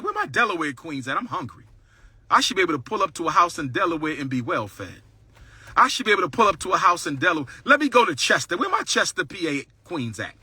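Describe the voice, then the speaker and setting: A man's voice: on the high side, sharp tone, breathy edge, dry recording. A man hosting a livestream, talking boldly and boastfully in a preaching cadence and repeating his lines for emphasis. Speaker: livestream host. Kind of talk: livestream talk.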